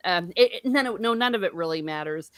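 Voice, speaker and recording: Lively chatty woman hosting a stream. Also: on the low side, fast talker, dry recording, clean studio sound. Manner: chatty, laughing, self-mocking. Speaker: host. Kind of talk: casual book discussion livestream.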